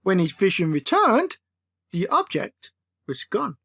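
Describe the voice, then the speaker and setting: A woman reading her own comic novel aloud with a playful, expressive delivery. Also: medium pitch, unhurried, gravelly, slightly rough. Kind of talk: comic audiobook narration.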